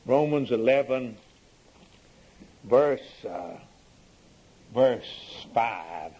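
A man's voice: mid-range voice, animated, extremely slow, dark tone, husky, muffled recording. A man preaching a sermon in an earnest way, his voice rising sharply for emphasis.

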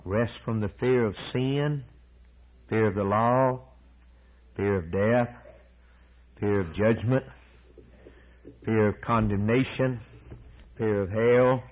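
A man preaching a sermon with a husky edge to his voice. He leans hard on single words and repeats them for emphasis. His pitch sits in an ordinary middle range. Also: rough recording. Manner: emphatic, repeats key words, ends in prayer.

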